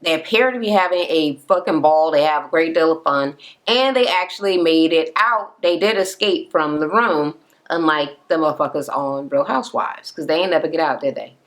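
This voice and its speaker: A woman with a fairly low voice recaps a reality show in a casual rant. She is blunt and swears freely. She tells the story with plenty of energy. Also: normal speed. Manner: profane, blunt, animated storyteller. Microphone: camera-mounted recording setup.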